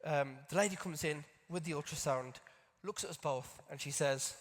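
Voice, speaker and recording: A man's voice: fairly high pitch, moderate pace. A man telling a personal story at a conference, talking in a conversational way with self-mocking asides to the audience. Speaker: conference speaker. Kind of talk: storytelling stage talk. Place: large conference hall stage. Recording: long hall reverb from a stage.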